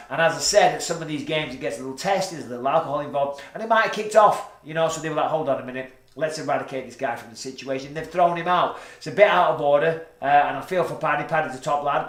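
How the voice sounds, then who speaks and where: A podcast host with a fairly high voice chats casually, joking and swearing a lot. He records in a studio room with a lighting setup, and the sound is roomy.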